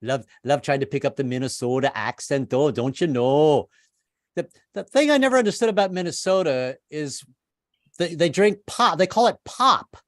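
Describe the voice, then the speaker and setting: A man of seventy performing a stand-up comedy set over a video call, self-deprecating and halting, with many restarts. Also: a little high, very animated, a bit bright, no echo, studio quality. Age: 70s. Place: home setup on a video call. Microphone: computer mic on a video call.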